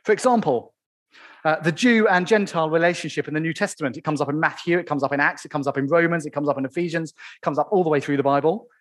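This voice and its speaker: A man preaching a sermon in church, stressing key phrases slowly and asking the congregation rhetorical questions. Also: on the high side, a bit bright.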